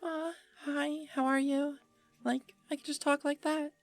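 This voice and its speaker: A man voicing a cute anime girl in a breathy falsetto, chatting lightly. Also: level tone, unhurried, dry recording, soft background music. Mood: sweet. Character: cute high-voiced anime girl, sweet.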